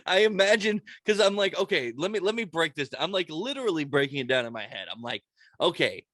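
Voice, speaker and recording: A young man hosts a podcast in a casual chat, telling stories with lots of laughter and swearing. His voice sits a little high and swings widely in pitch. The sound is dry and close. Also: fast, dry recording. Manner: animated storyteller, swearing, laughing often. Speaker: podcast host.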